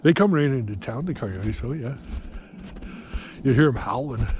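A man's voice: medium pitch, animated, normal speed, a little mellow, a little hiss or hum. Middle-aged man, casual garden vlogger, rambling, slightly winded, outdoor camera mic, faint clicks. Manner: rambling, chatty, many fillers. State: out of breath. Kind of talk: casual walking vlog.

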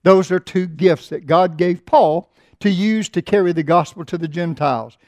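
A middle-aged man preaching a sermon in church, swelling loud and slow on scripture and dropping low for asides. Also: no echo. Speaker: pastor. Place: church sanctuary.

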